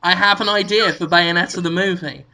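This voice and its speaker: A man co-hosting a comedy podcast, spinning an absurd story with giggles and sudden shouted bits. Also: high voice, fairly even intonation, fairly quick, rough recording. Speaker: podcast co-host.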